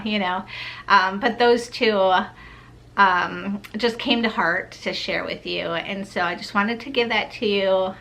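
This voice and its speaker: A woman in her thirties shares personal stories with her viewers in a casual, heartfelt vlog. Her voice is bright and forward. She talks earnestly and loosely, filling her sentences with "like.". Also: medium pitch, unhurried. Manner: earnest, heartfelt, chatty with many "like"s. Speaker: faith vlogger. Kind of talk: personal storytelling to camera.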